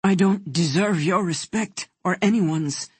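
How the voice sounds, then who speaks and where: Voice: mid-range voice, a little slow, a little mellow, husky, no echo. An audiobook narrator voicing a weeping young brother, anguished and full of guilt. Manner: sobbing, anguished.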